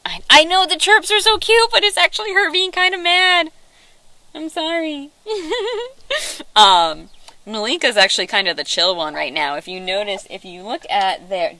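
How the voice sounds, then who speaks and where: A young woman with a bright, forceful tone and a fairly low speaking pitch gives an easygoing live-stream talk about animal care. She fills her sentences with ums and likes. She slips into a high, cooing sing-song whenever she speaks to the birds beside her. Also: no room sound. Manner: chatty with many fillers, coos to the turkeys in a high sing-song. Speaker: animal sanctuary caregiver. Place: garden house at an animal sanctuary.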